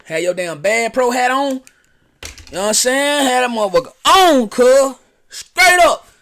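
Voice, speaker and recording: Male reaction host, very high-pitched, animated, slang-heavy, speaks straight to viewers. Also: normal speed. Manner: animated, repetitive, addresses viewers directly. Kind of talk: casual slang-heavy commentary.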